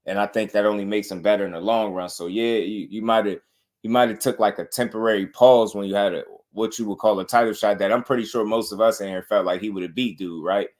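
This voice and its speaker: A man hosting a casual boxing talk show, commenting on clips in a relaxed, repetitive way and often asking "you know what I mean.". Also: lowish voice, fast talker.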